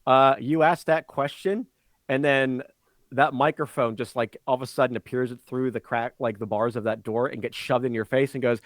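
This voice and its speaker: A man's voice: medium pitch, fairly even intonation, normal speed, dry recording. A man narrating a tabletop game as game master, rambling and giggly, full of ums and likes.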